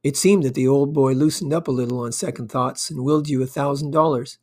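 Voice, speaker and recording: A man voicing a careless, light-hearted young gentleman who talks in a cheerful, airy way. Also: medium pitch, steady tone, brisk, lightly acted.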